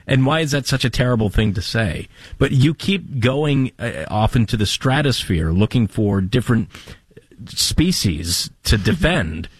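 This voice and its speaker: A man co-hosting a talk podcast, blunt and halting, often repeating words as he goes. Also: mid-range voice, expressive, slightly rough, no echo, clean studio sound. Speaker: co-host. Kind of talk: opinionated podcast commentary.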